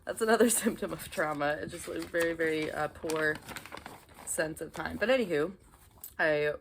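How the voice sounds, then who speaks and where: A woman's voice: low voice, normal speed, vocal fry, a little hiss or hum. A young woman talking casually to her camera at home, chatty and apologetic, with frequent ums and hesitations. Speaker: vlogger talking about inner child healing.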